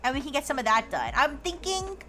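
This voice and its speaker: High-pitched girl streamer, playful robot bit, tons of restarts and "like"s. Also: sing-song, fairly quick, bright, forceful tone. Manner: rambling with many restarts and fillers; playful, plays a robot persona. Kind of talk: casual chat while gaming.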